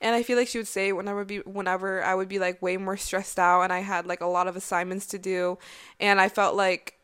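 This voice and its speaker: A woman's voice: medium pitch, level tone, fairly quick, a bit bright, clean tone. A young woman vlogger giving earnest, chatty life advice, with lots of fillers. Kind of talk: casual heartfelt advice vlog.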